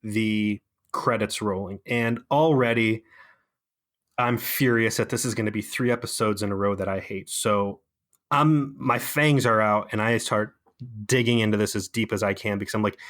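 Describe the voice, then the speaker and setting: A man's voice: fairly low pitch, fairly bright tone. A man co-hosting a podcast, rambling sarcastically with plenty of fillers in casual chat. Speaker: podcast co-host.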